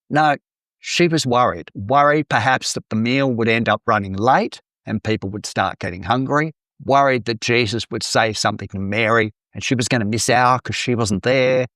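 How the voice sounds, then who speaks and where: A man's voice: mid-range voice, fairly bright tone, no echo, clean studio sound. A man giving an online Bible teaching talk in a conversational, playful way, with acted-out asides.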